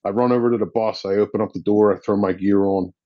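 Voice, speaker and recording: A man's voice: on the low side, steady tone, quick pace, no room sound, dull audio. A man, a firefighter guest, telling a story in a blunt, casual way with slang and swearing. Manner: blunt and profane, drops in slang.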